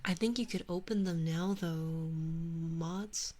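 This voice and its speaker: A young woman streamer chatting to her viewers in a soft whisper, joking at her own expense, very close to the mic. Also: lowish voice, slow pace, slight background noise. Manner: soft unvoiced whisper, chatty and self-mocking. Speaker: streamer and ASMR artist. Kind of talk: whispered ASMR stream chat. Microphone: close sensitive ASMR microphone.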